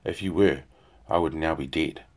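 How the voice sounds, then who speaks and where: A weary, proud male hunter with a deep, low voice, read by a man. He speaks tersely and grimly, with blunt, earnest questions. It is a plain audiobook dialogue voice, not a showy one. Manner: terse, measured, grim.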